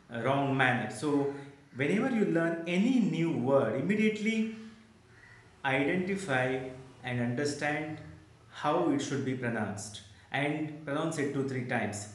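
A man's voice: a little high, lively intonation, measured pace. A man with an Indian English accent giving earnest, step-by-step speaking advice, often asking rhetorical questions. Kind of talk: motivational speaking lesson. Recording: very echoey room.

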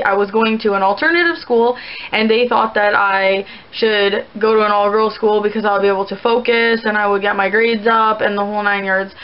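A woman's voice: mid-range voice, lo-fi sound. A young woman vlogging casually, rambling through viewer questions with lots of "like" fillers. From Canada. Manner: rambling, chatty, many "like" fillers. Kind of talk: casual chat to camera.

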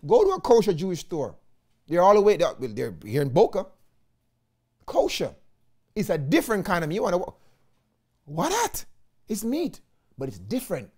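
A man with a Jamaican accent, an evangelist preaching a sermon in an animated way, often calling his listeners "friends". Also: sits high, normal speed, pauses often, husky.

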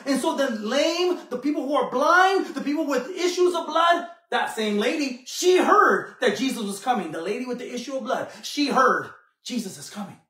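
A man's voice: very high-pitched, animated, normal speed, pushed and bright, far from the mic. A man preaching a sermon, telling the story dramatically and acting out the characters. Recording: echoey room, mic from afar.

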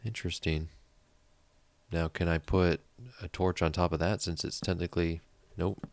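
In a let's play, a man with a low, flat voice chats casually at a normal pace, thinking aloud as he builds and now and then muttering to himself. The gameplay commentary has no echo.

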